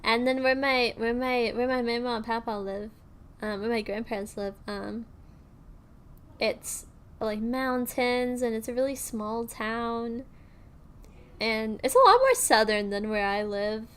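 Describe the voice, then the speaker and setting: Young girl streamer just chatting, kinda high voice, rambly, lots of um and like. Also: unhurried, clear, resonant tone. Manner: rambling, many fillers and restarts. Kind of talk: casual chat on stream.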